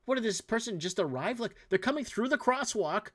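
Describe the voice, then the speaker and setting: A man's voice: high voice, lively intonation, brisk, fairly bright tone. Exasperated rambling male podcast host. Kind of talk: casual news commentary.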